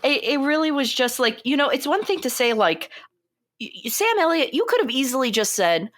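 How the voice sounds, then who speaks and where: A woman's voice: high voice, a little fast. A young adult woman co-hosting a film podcast, talking casually with lots of filler words. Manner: chatty, animated, lots of fillers. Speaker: podcast co-host. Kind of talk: casual chat.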